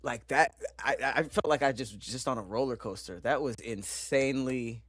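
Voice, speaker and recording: A man's voice: mid-range voice, normal speed, a bit bright, dry recording, clean studio sound. A young man streaming a horror game, talking through laughter and swearing after a big scare. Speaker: gaming streamer. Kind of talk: live reaction commentary.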